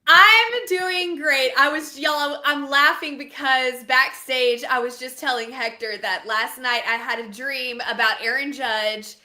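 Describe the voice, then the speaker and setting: A woman's voice: high-pitched, measured pace, hardly any pauses, bright, forceful tone. A woman co-hosting a casual sports talk show, bubbly and chatty. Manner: bubbly, chatty, says "like" a lot. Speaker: co-host. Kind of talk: casual chat. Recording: roomy echo.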